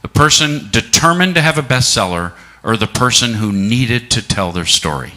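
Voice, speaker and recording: A middle-aged man speaking a sermon at a church service, reflective and unhurried, posing many rhetorical questions to the congregation and slowing down for emphasis. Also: medium pitch, expressive, pushed and bright.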